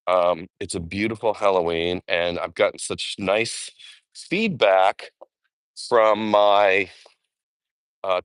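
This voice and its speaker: A man's voice: deep voice, clean tone, dry recording. A man chatting casually on a live walking vlog outdoors in a park, rambling with fond asides. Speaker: vlogger.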